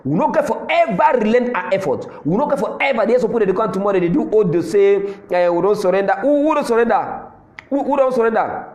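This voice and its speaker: A man's voice: sits high, darkish tone, roomy sound. A man from Southern Cameroon with a Cameroonian Pidgin English accent, giving a fiery political address and hammering his points home with repetition. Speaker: political commentator.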